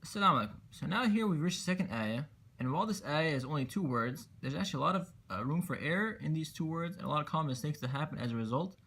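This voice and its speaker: A man's voice: fairly high pitch, lively intonation, quick pace, vocal fry, fairly bright tone, breathy edge. A man teaching Quran recitation rules step by step, patiently explaining and repeating letters for emphasis. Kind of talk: step-by-step tajweed lesson.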